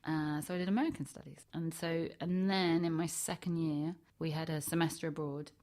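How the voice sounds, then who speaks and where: A low-pitched woman with a London accent chats through a long anecdote in a loose, friendly way. She slips into quick impressions of other people as she goes. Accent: London English. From England. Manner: chatty, lively quoting of others. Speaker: guest actor. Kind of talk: casual interview storytelling.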